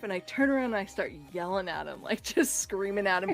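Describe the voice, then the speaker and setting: A woman casually telling a true scary story on a podcast, animated and acting out the voices in it. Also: mid-range voice, normal speed, soft background music. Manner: animated, acts out voices in her stories, laughs often. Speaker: guest storyteller.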